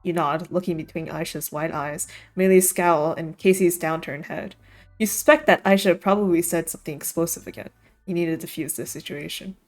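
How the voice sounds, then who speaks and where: A woman's voice: low voice, steady tone, fairly quick, a little mellow. A woman streamer reading a visual novel aloud on stream, giggly and laughing often between lines of narration.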